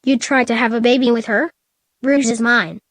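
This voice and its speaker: A woman's voice: a little high, normal speed, no room sound, clean studio sound. Synthetic woman's voice reading a furious echidna teen. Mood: angry. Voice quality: synthetic, flat text-to-speech reading. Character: hot-tempered male echidna teen bully.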